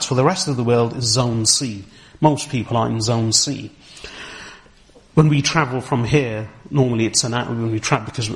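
A man giving a religious lecture, explaining slowly and step by step, repeating key terms and reciting Arabic verses fluently. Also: medium pitch. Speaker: Islamic teacher.

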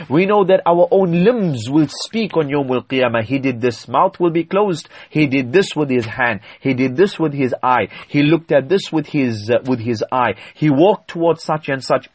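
A man's voice: fairly high pitch, dry recording. A man giving an Islamic sermon, explaining terms in an emphatic, teaching manner with frequent hesitations. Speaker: Islamic preacher.

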